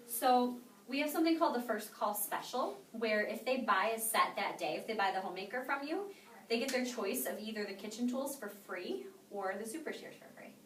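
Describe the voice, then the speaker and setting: Speaking fairly quickly with a high-leaning, lively voice, a young woman leads a sales class in a training room full of people. She stays upbeat, constantly checking in with "okay?" The recording is echoey with a distant mic and slight background noise.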